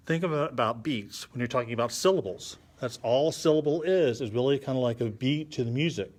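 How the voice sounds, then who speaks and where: On a live stream, a man teaches kids a drawing and poetry lesson, patiently counting syllables aloud as he thinks and draws. His mid-range voice moves a little fast, with hardly any pauses.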